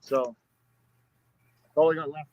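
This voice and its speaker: A man talking casually from an outdoor campsite, halting and laid-back. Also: fairly high pitch, fairly even intonation, dry recording, lo-fi sound. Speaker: co-host of a live stream. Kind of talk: casual chat.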